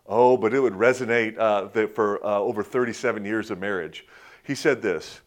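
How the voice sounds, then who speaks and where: A man's voice: fairly low pitch, moderate pace. A man in his fifties preaching a conversational sermon, telling personal stories in a folksy way with many restarts and chuckles. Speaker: pastor.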